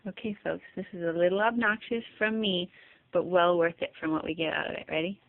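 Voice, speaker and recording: A woman talking to her baby in sing-song baby talk on a home video, with sudden loud playful calls. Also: fairly low pitch, fairly even intonation, a little fast. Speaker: mother filming her baby. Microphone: phone camera. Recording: tinny phone audio.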